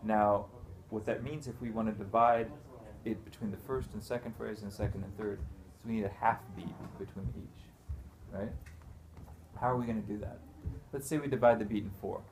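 A man's voice: on the low side, steady tone, moderate pace. A man teaching rhythm in a one-on-one music lesson, patiently explaining step by step and counting beats and chanting rhythm syllables aloud. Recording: noisy room recording.

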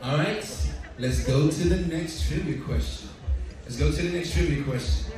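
Cruise director, male, upbeat and joking, fairly high voice, heard far off through a booming hall PA over a lively crowd. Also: normal speed. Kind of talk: live stage hosting with audience trivia. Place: large ship theater stage. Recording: distant, echoey theater PA recording. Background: audience crowd reacting.

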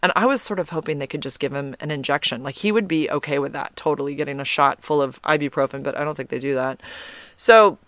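A man's voice: on the high side, fast, fairly bright tone, no echo. A man hosting a podcast, chatting loosely through a personal story with lots of "like" and blunt swearing. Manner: chatty, rambling, peppered with "like" and frank swearing. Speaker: podcast host.

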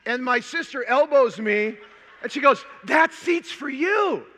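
An older man from Minnesota giving a conference talk, telling a personal story in an animated, humorous way before a large audience. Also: very high-pitched, a little slow. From Minnesota, USA. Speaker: conference speaker. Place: large hall. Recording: long hall reverb.

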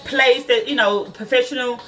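A woman's voice: a little high, fairly even intonation, normal speed, a bit bright, far from the mic, faint music behind. A woman who is a nail school student chats casually to her viewers from her car, swearing freely and calling them y'all.

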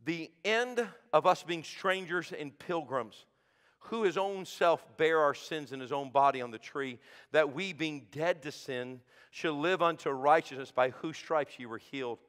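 A man preaching a sermon as pastor, swinging from shouted peaks to hushed low asides. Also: a little slow. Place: church sanctuary. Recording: sanctuary with long reverb.

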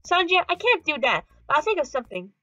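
A woman's voice: high voice, big pitch swings, quick pace, bright, forceful tone, dry recording, distant mic, highs cut off, faint music behind, pitched above the performer's own voice, heavily acted. A woman reading a hesitant young female singer. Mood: upset. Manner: hesitant, stumbling.

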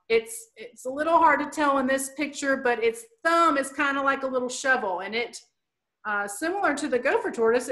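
Woman giving an online nature talk, kinda high voice, chatty and a bit goofy. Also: a bit bright. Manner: chatty, plain explanations with playful asides. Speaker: wildlife educator presenting. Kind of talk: online presentation lecture.

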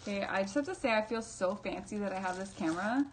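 A woman's voice: medium pitch, fast talker, background noise. A young woman vlogging casually as she unboxes a camera, bubbly and chatty, full of fillers and self-deprecating asides.

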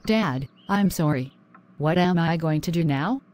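A woman voicing a young married wife in an animated drama, pleading and worn down. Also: low voice, measured pace.

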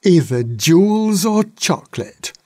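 A man's voice: high voice, big pitch swings, dark tone, dry recording, studio quality, voice pushed up, exaggerated voice. A man voicing an ancient, wise old dragon who drones and grumbles in a storybook reading. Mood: grumbling. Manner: droning, slow.

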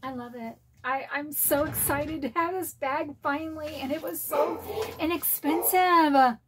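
A middle-aged woman chatting excitedly at home as she unboxes a collectible bag, gasping and gushing. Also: high-pitched, a little slow, background noise. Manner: gushing, gasping, repeats "oh my" exclamations. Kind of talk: excited unboxing vlog chat. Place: home, dogs barking nearby.

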